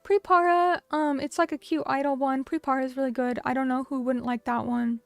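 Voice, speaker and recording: Young woman streamer with a high voice, bubbly and chatty, dry close mic, faint music behind. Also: steady tone, fairly quick, hardly any pauses, dry recording. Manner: bubbly and chatty, reading out chat comments, many fillers. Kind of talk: casual chat with viewers.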